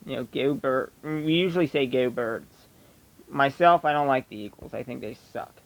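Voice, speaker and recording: Man, Delco accent, Philadelphia-area, mid-pitched voice, casual ranting vlog, blunt and emphatic. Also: a little fast, fairly bright tone, rough recording. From Delaware County, Pennsylvania. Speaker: vlogger.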